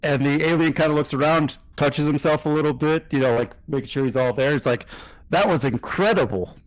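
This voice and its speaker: A man in the role of game master, chatting in a relaxed way with fillers while running a tabletop game over voice chat. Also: fairly high pitch, fast talker, no room sound, poor audio.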